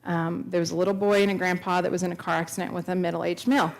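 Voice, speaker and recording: A woman's voice: fairly low pitch, flat delivery, quick pace, vocal fry. A woman in her thirties telling a personal testimony at a church, earnest and storytelling, acting out the dialogue she quotes. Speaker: speaker at a church. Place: church sanctuary.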